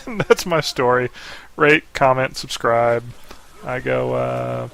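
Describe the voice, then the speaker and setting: A young man with a voice of ordinary pitch tells a rambling family story over game footage. He laughs often, slips into quick impressions of his relatives, and keeps a loose, chatty flow. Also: huge pitch swings, creaky, a bit bright, smooth. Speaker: gaming video host. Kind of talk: casual storytelling over gameplay.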